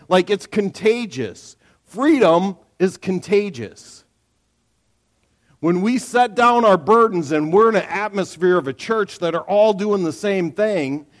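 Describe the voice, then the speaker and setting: A middle-aged man preaching a sermon as a pastor, telling stories in a chatty, animated way, acting out quotes and asking "right?" often. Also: sits high. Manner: animated storyteller, acts out quotes, frequent "right?"; lively conversational sermon delivery.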